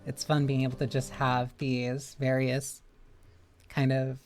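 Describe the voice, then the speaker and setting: A streamer rambles through loose, filler-heavy chat while playing a game. The voice sits at a middle pitch, and soft game music plays low underneath. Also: monotone, a little slow.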